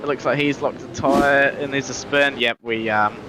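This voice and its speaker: A man commentating a sim race live, chatty and quick with frequent restarts, his voice going hoarse. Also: medium pitch, steady tone. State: losing his voice. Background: race car engine noise.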